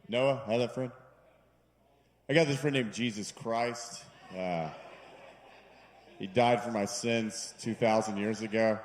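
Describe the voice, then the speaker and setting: Rambling stand-up comic on a bar stage. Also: male voice, on the low side, slight background noise. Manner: self-deprecating, rambling, acts out voices. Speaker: stand-up comedian. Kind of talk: stand-up comedy set. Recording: live room with long reverb.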